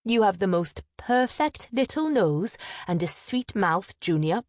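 A woman's voice: mid-range voice, big pitch swings, unhurried, a little mellow, dry recording, studio quality, pitched above the performer's own voice. A woman voicing a proud, vain eldest sister who speaks sharply and impatiently.

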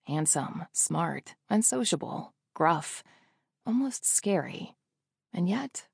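Low, gravelly-voiced woman narrating a romance. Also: darkish tone, dry recording, clean studio sound. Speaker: audiobook narrator. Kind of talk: first-person romance narration.

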